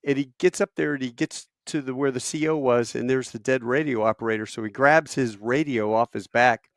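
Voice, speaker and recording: A man hosting an interview podcast, telling a war story in an animated, casual way. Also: mid-range voice, fairly quick, no room sound, studio quality. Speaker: podcast host and Marine.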